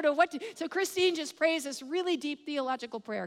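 High-voiced woman preaching in a hall. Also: fast, few pauses. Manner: animated storyteller acting out dialogue. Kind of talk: sermon storytelling. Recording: long hall reverb.

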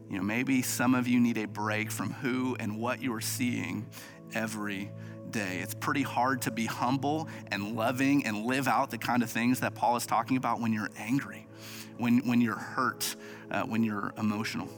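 A man's voice: medium pitch, fairly bright tone. A man, an associate campus pastor, giving a sermon in an earnest, humble way with frequent small restarts.

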